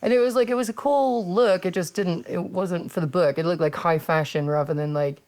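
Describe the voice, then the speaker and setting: A woman's voice: on the low side, brisk, darkish tone. A woman with an English accent in her thirties, hosting a casual chat, blunt and laid-back, swearing freely. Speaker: podcast host and wrestler.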